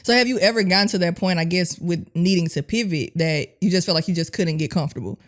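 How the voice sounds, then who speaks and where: A woman hosting a podcast, asking thoughtful questions in a relaxed chat and laughing often. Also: fairly low pitch, fast talker. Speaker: podcast host. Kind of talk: casual interview chat.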